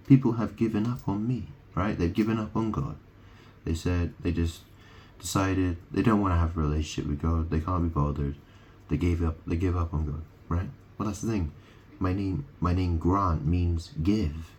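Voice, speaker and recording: A man's voice: low voice, normal speed, darkish tone, slight background noise. A man in a rambling monologue, punning on words and often asking "right?" as he talks to the camera. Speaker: video host.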